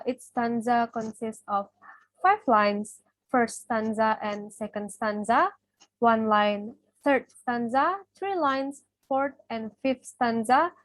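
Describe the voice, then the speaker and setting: High-voiced young woman reading notes. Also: dry recording, low-quality recording. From Indonesia. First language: Indonesian. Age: young adult. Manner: reads steadily from notes, listing terms. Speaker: student presenter. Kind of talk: reading a class presentation.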